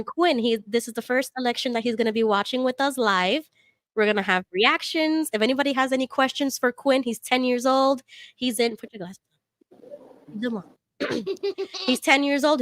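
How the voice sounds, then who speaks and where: A woman's voice: high voice, no echo. Chatty New York Puerto Rican woman. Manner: chatty, laughs often, reads chat comments aloud. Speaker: livestream host. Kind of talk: casual livestream chat.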